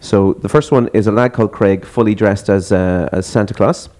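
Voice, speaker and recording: A man's voice: lowish voice, moderate pace, a little mellow. A man co-hosting a podcast, chatting casually and reading out dating profiles with a laugh. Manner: reads out dating bios with a laugh, easygoing. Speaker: podcast co-host. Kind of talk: casual chat.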